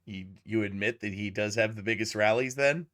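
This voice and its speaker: A man's voice: on the low side, a little fast, a bit bright. A man hosting a reaction video, ranting indignantly with heavy swearing. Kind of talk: casual profane commentary rant.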